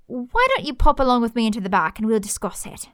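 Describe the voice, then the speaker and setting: A cheeky young female monster hunter , played by a woman reading a story. She talks in a breezy, teasing way, her voice a little high. The recording is dry and close. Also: animated, fast, fairly bright tone, dry recording.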